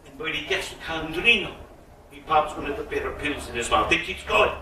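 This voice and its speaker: Playful, bright-voiced male storyteller. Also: fairly high pitch, sing-song, a little hiss or hum. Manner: playful, bawdy, drawn-out comic delivery. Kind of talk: live storytelling performance. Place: live concert venue. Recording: roomy echo, mic at a distance.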